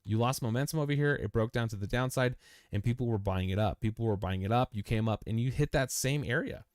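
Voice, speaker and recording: A young crypto chart livestreamer talks fast in a mid-range, clean voice, with studio quality and no echo. Casual and chatty, he repeats phrases, addresses the chart as "you" and keeps saying "man", "dude" and "bro".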